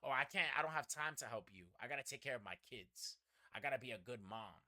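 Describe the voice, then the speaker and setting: Speaking quickly and expressively, this Bronx-born young podcast host has a medium-pitched, pushed, bright voice captured in a dry recording. His casual chat is full of stories where he performs the dialogue and curses without hesitation.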